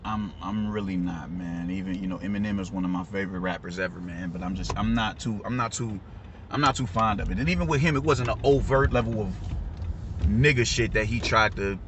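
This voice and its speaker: In a casual, unscripted rant, a reaction vlogger talks emphatically, repeats himself, swears freely and keeps saying "you dig." His voice is on the low side, steady and fairly quick, and the lo-fi audio carries loud traffic noise.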